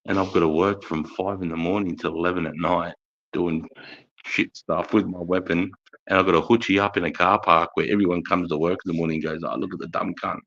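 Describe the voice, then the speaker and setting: A middle-aged Australian man telling rowdy army stories in a coarse, profane, animated way on a casual live stream. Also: deep voice, a little fast. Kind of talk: casual storytelling chat. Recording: dull lo-fi stream audio.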